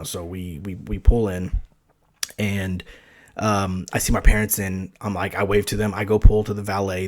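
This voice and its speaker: Animated young man telling a story. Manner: animated, acts out quoted lines with big pitch jumps. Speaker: podcast host. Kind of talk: casual storytelling.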